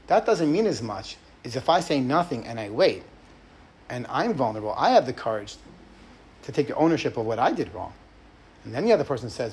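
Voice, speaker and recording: On a podcast, a middle-aged host who is a rabbi teaches about marriage, voicing short example quotes in an earnest, chatty style. He sounds very animated and fairly quick, with a mid-range, slightly mellow voice and slight background noise.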